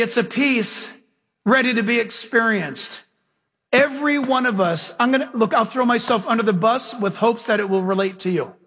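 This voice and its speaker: A middle-aged pastor with a husky, high voice delivers an animated sermon, shifting between loud and hushed tones as he tells stories. Each phrase trails off into the long reverb of a large sanctuary.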